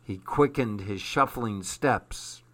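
A man reading a children's storybook aloud in a slow, measured way. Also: on the low side, fairly bright tone. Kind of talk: storybook narration.

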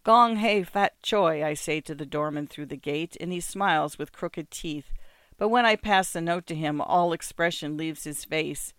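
A narrator giving a measured, descriptive first-person reading of a literary story. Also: mid-range voice, fairly bright tone, dry recording, studio quality. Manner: measured, descriptive, smooth delivery.

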